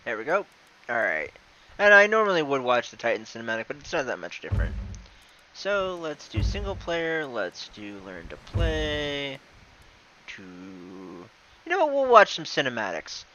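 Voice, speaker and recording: A man chatting casually on a gaming live stream, excitable and prone to loud exclamations. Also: medium pitch, moderate pace, muffled recording, slight background noise.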